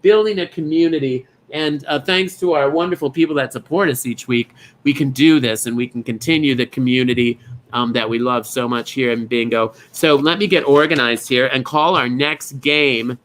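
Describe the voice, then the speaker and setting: A man's voice: medium pitch, moderate pace, fairly bright tone. A man hosting an online bingo show, chatting as he greets viewers by name in a gushing, rambling way. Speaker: bingo game host. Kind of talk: live-streamed host greeting viewers.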